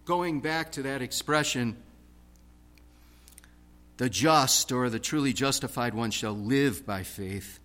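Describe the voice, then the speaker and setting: Slow, emphatic male preacher. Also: mid-range voice. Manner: rhythmic preaching with wide swings from loud stress to hushed tones. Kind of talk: sermon.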